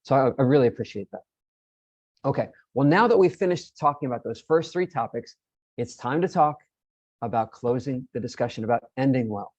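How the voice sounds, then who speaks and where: A man's voice: mid-range voice, darkish tone, dry recording, lo-fi sound. A man presenting an online teacher-training session, explaining in a friendly way and often repeating his words.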